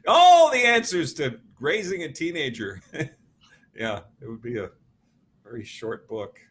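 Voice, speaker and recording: A man in his fifties, a motivational speaker giving an interview, telling stories in a lively way and laughing often. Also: on the high side, a little slow, slightly rough. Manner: animated storyteller, laughs often, acts out quotes. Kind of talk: conversational interview.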